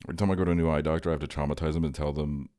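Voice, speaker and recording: Very deep-voiced young man chatting. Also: little pitch movement, very fast, dark tone, no room sound, studio quality. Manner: rambling, profane, heavy on "like" fillers; reads and answers chat messages. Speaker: streamer. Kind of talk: casual livestream chat.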